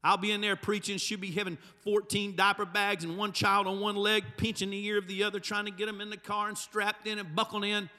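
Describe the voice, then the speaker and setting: A male pastor preaching a Pentecostal sermon in a church, swinging from soft, intimate passages to shouted climaxes. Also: high voice, little pitch movement, fairly quick, hardly any pauses. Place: church sanctuary. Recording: long church hall reverb.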